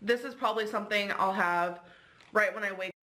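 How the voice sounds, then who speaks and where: A woman vlogging casually to camera, chatty and excitable with frequent giggles. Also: mid-range voice, brisk, loud music behind the voice, poor audio.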